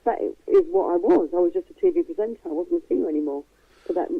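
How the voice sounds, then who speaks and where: Chatty woman with softened East London accent. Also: fairly low pitch, wildly swooping pitch, quick pace, creaky, husky, no echo, narrow, tinny audio. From East London, England. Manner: chatty and frank, laughs easily. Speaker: guest. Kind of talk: casual chat.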